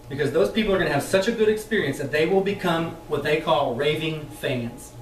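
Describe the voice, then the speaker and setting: A chatty, animated man teaches a roomful of trainees, laughing as he goes and putting on voices for the people he quotes. He sits a little high for a man, and the sound is roomy and echoey, as if the mic is some way off. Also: fairly quick, slight background noise. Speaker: sales trainer. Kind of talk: training talk to a live group. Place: meeting room with an audience. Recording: echoey room, mic far off.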